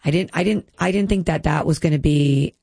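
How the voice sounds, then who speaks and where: A woman's voice: low-pitched, fairly quick, creaky, warm tone, breathy edge, no room sound. A woman in her thirties, a guest speaking earnestly and emotionally about her health, with many "like" fillers. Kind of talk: candid personal interview.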